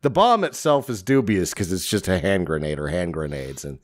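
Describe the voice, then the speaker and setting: Low-voiced man riffing crudely. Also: lively intonation, normal speed, dry recording, clean studio sound. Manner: crude, sarcastic, mocks scenes with put-on voices. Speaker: podcast co-host. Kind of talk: casual movie-riffing chat.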